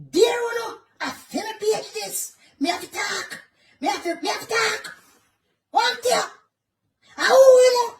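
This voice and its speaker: Wailing Jamaican woman, very high and slow. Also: fairly bright tone, slight background noise. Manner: melodramatic wailing, slow drawn-out exclamations. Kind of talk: comic reaction commentary.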